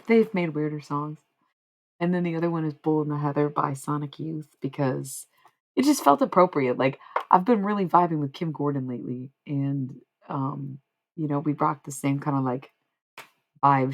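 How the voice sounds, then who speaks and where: A woman's voice: low voice, normal speed, vocal fry. A woman livestreaming, chatting casually to her viewers in a rambling, slangy, frank way. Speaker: livestreamer and singer.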